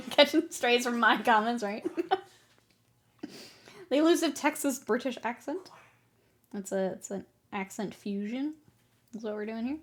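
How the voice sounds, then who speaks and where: A woman's voice: a little high, measured pace, long pauses. A woman streaming her miniature painting, chatting casually, laughing often and answering her chat while she works.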